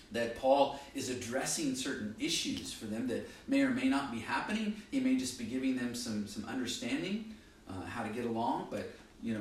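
A male pastor preaching a sermon, emphatic, rising and falling in pitch and volume to stress his points. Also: slight background noise. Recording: very echoey hall, mic from a distance.

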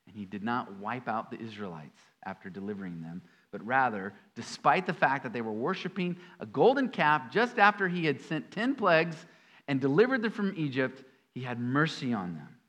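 A man preaching a sermon in an animated way, with sudden emphatic jumps and folksy asides among his scripture readings. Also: medium pitch, normal speed. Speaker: pastor.

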